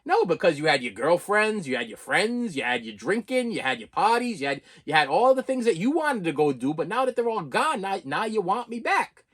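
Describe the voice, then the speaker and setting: A man's voice: high-pitched, sing-song, fairly quick, hardly any pauses, fairly bright tone. A man in his fifties giving a raw, emotional personal rant to camera, full of stammering restarts and repeated phrases. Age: 50s. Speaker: vlogger.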